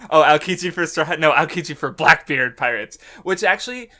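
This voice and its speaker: A man's voice: on the high side, animated, a little fast, sharp tone. A man co-hosting a podcast in casual chat, rambling with fillers, laughing often and swearing freely. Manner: rambling with many fillers and restarts. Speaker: podcast co-host.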